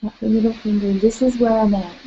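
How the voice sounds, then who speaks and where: A woman leading a guided tapping session, calling out tapping points and gently coaching listeners through spoken affirmations. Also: a little high, fairly even intonation, quick pace, husky, dull audio.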